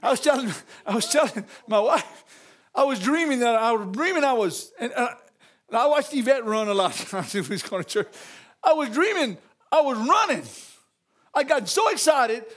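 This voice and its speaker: Pastor, male, very high voice; exuberant call-and-response sermon, frequent laughs and shouts. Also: expressive, normal speed. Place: church.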